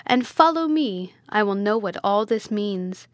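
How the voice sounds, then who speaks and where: A woman's voice: medium pitch, unhurried, no room sound, close to an everyday voice. An imperious, cruel medieval prince gives curt commands, as a woman reads him aloud. The voice sits dry and close, with no room around it.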